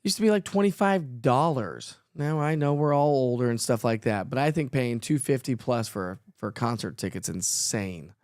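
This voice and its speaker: A man's voice: medium pitch, animated, normal speed, few pauses, a little mellow. A middle-aged man hosts a live weather stream, casually reading out viewers' comments and answering them. His speech is chatty and loose, with frequent fillers. The sound is dry and close, with no room echo. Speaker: weather show host.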